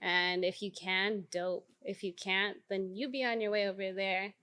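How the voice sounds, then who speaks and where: Woman activist guest, candid and blunt, swears freely, animated storyteller. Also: medium pitch, unhurried. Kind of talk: candid conversational interview.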